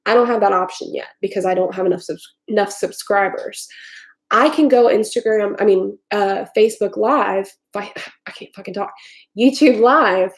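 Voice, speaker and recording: A woman's voice: medium pitch, moderate pace. A woman from Tennessee chatting casually on a live stream from her home kitchen, rambling and swearing freely with lots of filler words. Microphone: desktop computer mic.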